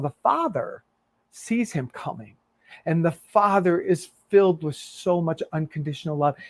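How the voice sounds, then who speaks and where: Male minister, sermon storyteller, earnest and expressive, slightly high voice. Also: dry recording.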